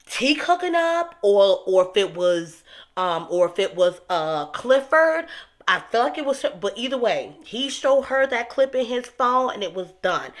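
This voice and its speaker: A young woman talking casually to her viewers as she recaps a TV episode, animated and emphatic. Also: on the low side. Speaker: TV recap host.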